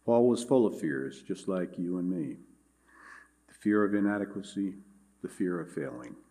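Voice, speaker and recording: Male pastor, lowish voice, measured earnest sermon delivery. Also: lively intonation, dark tone. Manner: measured, earnest preaching with scripture reading.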